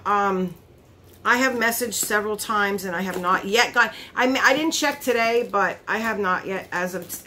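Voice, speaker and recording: A woman vlogger chatting casually as she unboxes beauty products, easily surprised and quick to laugh, recorded on her phone. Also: fairly high pitch, sharp tone, slight background noise.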